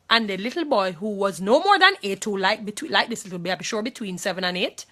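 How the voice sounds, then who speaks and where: A distressed woman with a Jamaican accent delivers an impassioned monologue straight to her viewers. Her voice is bright and forceful, and she hammers her points home, repeating phrases and pleading. Her pitch stays in the middle for a woman. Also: animated, fast, few pauses. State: distressed and angry.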